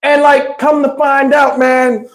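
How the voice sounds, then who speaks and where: A man's voice: very high-pitched, slow pace, poor audio. A man hosting a casual storytime, acting out the quotes in his story and laughing as he goes. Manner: animated, acts out quotes and laughs mid-story. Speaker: host.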